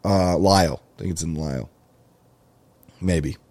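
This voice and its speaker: In a casual comedy podcast monologue, a male host rambles, cracks jokes and swears heavily. His voice is deep, mellow and stuffy with congestion, and he speaks at a measured pace.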